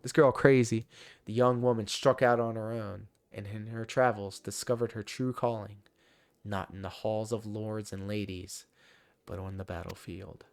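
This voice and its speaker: A man's voice: fairly low pitch, steady tone, moderate pace, gravelly, a little hiss or hum, rough recording. A man streaming a game, reading story text aloud and cracking profane jokes in casual commentary.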